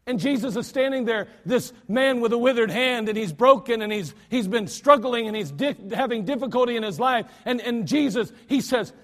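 Brief: male pastor, emphatic sermon delivery with restarts, high-pitched, in a reverberant church. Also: lively intonation, a little fast, hardly any pauses. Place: church sanctuary.

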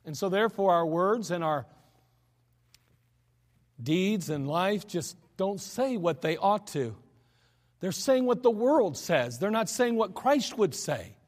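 A man's voice: high voice, sing-song, slow pace, pauses often. A man preaching a sermon in a church, earnest and emphatic in a conversational way. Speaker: pastor. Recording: echoey church hall.

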